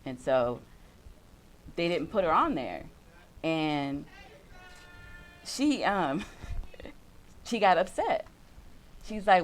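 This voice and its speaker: A woman's voice: fairly low pitch, sing-song, drawn-out words, pauses often, poor audio. A woman co-hosting a casual talk show, telling a family story in a plain way with frequent murmured agreement. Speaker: podcast co-host. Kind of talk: casual chat.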